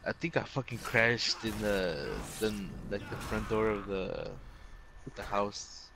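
A man's voice: fairly low pitch, steady tone, slow, fairly bright tone, slight background noise, low-quality recording. A young man telling rambling childhood stories to friends in casual chat, full of swearing and fillers. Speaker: storyteller among friends.

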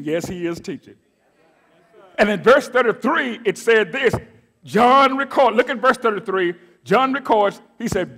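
A middle-aged man preaching a sermon as pastor, moving from quiet asides to loud declaimed scripture and calling out to his congregation. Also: sits high, lively intonation, moderate pace. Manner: call-and-response preaching, swings from soft asides to loud declaiming. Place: church sanctuary.

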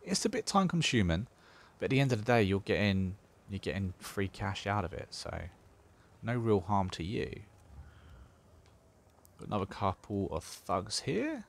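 Guy rambling through his gameplay, low voice, bit gravelly, goes up and down a lot. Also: sing-song, moderate pace. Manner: chatty, thinks aloud while playing, dry sarcasm. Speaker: gaming channel host. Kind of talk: casual gameplay commentary.

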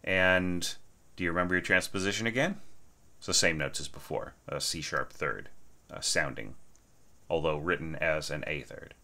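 Male music lecturer, very deep but bright tone, eager and chatty, casting for an online lesson. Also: moderate pace. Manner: enthusiastic, often asks "right?", sings phrases. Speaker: orchestration lecturer.

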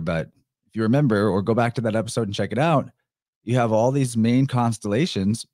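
A man talks through a solo podcast presentation in a relaxed, rambling manner, chuckling often and swearing lightly. His voice sits a little low. The sound is dry, with no room echo. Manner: casual, digressive, chuckling often, mild swearing. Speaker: podcast host.

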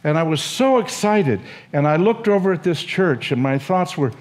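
An older man, a seminary professor, telling a story and lecturing in an animated, emotional way with acted quotes. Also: fairly high pitch, moderate pace, few pauses.

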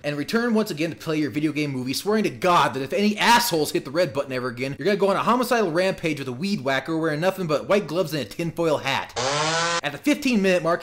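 A man's voice: on the high side, a bit bright. A man co-hosting a casual podcast, reading aloud a crude, escalating comic rant he wrote. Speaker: podcast co-host.

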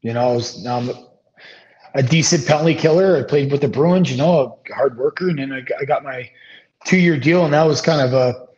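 A man's voice: medium pitch, a little fast. Laid-back man telling a long story. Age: 30s. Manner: rambling, relaxed anecdotes with many fillers. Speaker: retired hockey player, guest. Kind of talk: casual storytelling interview. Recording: slightly dull lo-fi sound.

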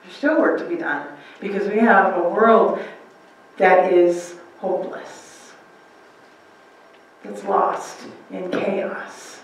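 A woman's voice: on the low side, heavy reverb, far from the mic, low-quality recording. A woman pastor preaching a conversational sermon, asking the room questions and acting out quotes. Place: church sanctuary.

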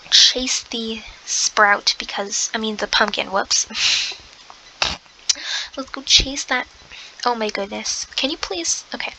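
A young woman commenting on her game play, excitable, gasping often and slipping into soft half-whispered asides. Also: a little high, slight background noise, rough recording. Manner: excitable, gasping, lots of exclamations. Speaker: gamer.

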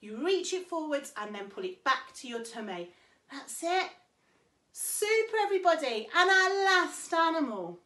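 A woman swim teacher with a high, bright voice, coaxing little ones along in a sing-song manner. She sounds like she is in an echoey room. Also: big pitch swings, unhurried. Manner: cheerful, sing-song, talks to small children. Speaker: swimming teacher. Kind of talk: children's activity lesson.

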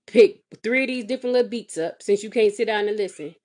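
A mother of a kindergartner vlogs on a phone or webcam, ranting through a comedic, exasperated story. She talks fast, with sassy, animated delivery and big pitch swings.

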